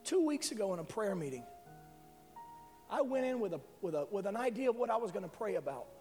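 High-voiced preacher in a reverberant hall. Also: male voice, very animated, fast. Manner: emotional testimony, builds to loud climax. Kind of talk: sermon. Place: church sanctuary. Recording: live hall with reverb and faint music.

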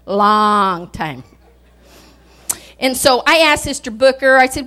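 A woman with a high voice preaches in a homespun, storytelling way. She laughs often as she talks, and her delivery sounds relaxed and chatty. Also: unhurried. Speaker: guest speaker. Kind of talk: sermon.

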